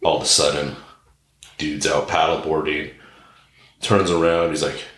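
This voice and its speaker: A man with a very deep but bright, forceful voice tells a rambling, irreverent comic story as podcast host. He jokes crudely and drifts off on tangents. The room around him is echoey. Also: level tone, a little slow, pauses often.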